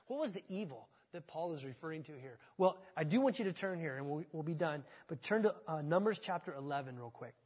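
A man preaching a sermon as pastor, animated and acting out quotes in mocking voices. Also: high voice, in a large hall.

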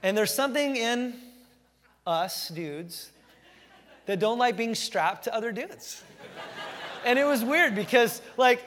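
A middle-aged man preaching a sermon as pastor, telling stories with animated energy and slowing down to stress key phrases. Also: very high-pitched, in a large hall, slight background noise. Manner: animated storytelling, emphatic, slows down to stress phrases.

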